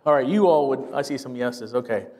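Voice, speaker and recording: A man preaching as pastor, energetic and quick, with wry asides, getting a little out of breath as he gets excited. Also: medium pitch, long reverb tail. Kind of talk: sermon.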